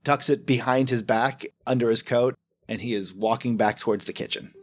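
A man's voice: mid-range voice, normal speed. A man playing a tabletop game, narrating his character's actions in the third person. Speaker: player.

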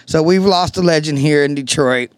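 A man's voice: fairly high pitch, moderate pace, clean tone, no echo. A man hosting a show, talking in an earnest, easygoing way as he gives a casual tribute. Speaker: show host.

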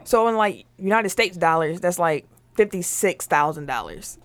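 A woman's voice: lowish voice, expressive, moderate pace, dry recording. Woman host doing a chill sports chat, news then jokes, dry close mic, nothing behind. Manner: reads out news items, then jokes along.

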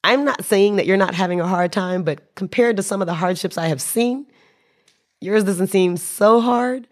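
A woman's voice: medium pitch, moderate pace, voice pushed up, close to an everyday voice. A woman voicing an older hotel owner who is kind but firm and matter-of-fact, slightly detached from the trouble in front of her. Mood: reassuring.

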